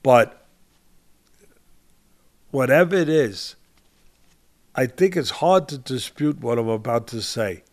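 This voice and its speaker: A man's voice: mid-range voice, lively intonation, slow, long pauses. An older man hosting a boxing podcast, talking with passion and stressing his points by repeating phrases. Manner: emphatic, repeats phrases for stress, addresses co-host by name. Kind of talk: impassioned podcast commentary.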